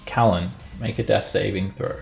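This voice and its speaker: A man narrating as game master of a tabletop game, in a relaxed way with many fillers. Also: fairly low pitch, normal speed, gravelly, over music.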